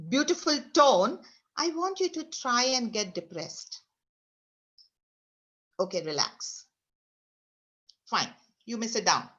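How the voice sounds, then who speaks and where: A woman's voice: high-pitched, fairly bright tone, highs cut off. A woman leading an online motivational workshop, guiding listeners through exercises with repeated instructions. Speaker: speaker leading an online session. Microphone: video call.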